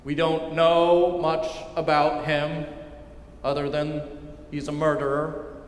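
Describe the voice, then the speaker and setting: A male pastor preaching a sermon emphatically and with repetition, often dropping to a quiet intensity. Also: fairly high pitch, level tone, slow. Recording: echoey hall with long reverb.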